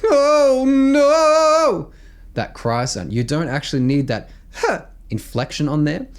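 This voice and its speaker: An Australian man explains vocal exercises with lots of energy, his pitch jumping up and down as he talks. He presses his points hard and keeps tossing in "right?" to check the listener is following. He sounds like a singing teacher walking a student through the technique. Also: normal speed. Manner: animated, emphatic, peppers speech with "right?". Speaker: vocal coach. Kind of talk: instructional explanation with sung demos.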